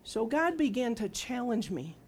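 Here a woman in her sixties delivers a testimony-style sermon with a very animated voice that sits a little high, darkish in tone with a breathy edge, at normal speed. She asks her listeners questions and dramatizes quoted words, voicing both herself and God.

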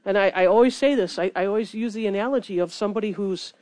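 A woman preaching a sermon in an earnest, animated way, reading scripture between her points. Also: medium pitch, quick pace, no room sound, clean studio sound.

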